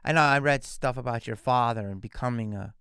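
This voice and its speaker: Man, 50s, gravelly, smooth resonant tone, dry close sound, animated podcast storyteller. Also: medium pitch, a little fast, dry recording. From Philadelphia area, USA. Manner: animated, acts out quoted dialogue. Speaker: guest actor.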